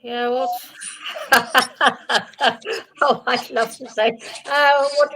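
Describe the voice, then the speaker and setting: High-voiced older Dutch woman, London accent. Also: steady tone, sharp tone, a little hiss or hum, poor audio. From Netherlands. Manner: halting, defensive, with many restarts. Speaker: panel guest. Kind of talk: heated live-stream debate.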